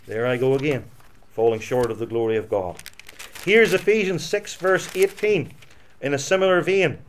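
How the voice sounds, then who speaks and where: A male pastor preaching a sermon, swinging between loud emphatic lines and quiet, low asides. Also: lively intonation, normal speed, slight background noise.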